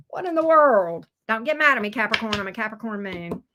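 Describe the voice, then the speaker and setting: A woman's voice: fairly high pitch, lively intonation, brisk, hardly any pauses, sharp tone. A middle-aged woman giving a casual tarot reading, teasing and talking straight to the viewer in a sassy way. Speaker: tarot reader.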